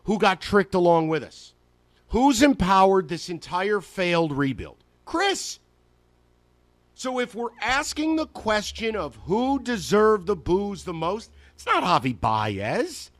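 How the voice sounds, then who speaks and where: A man's voice: sits high, very animated, a little slow, no room sound. A man hosting a sports radio show, ranting with emphatic sarcasm into a studio microphone. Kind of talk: sports talk radio rant.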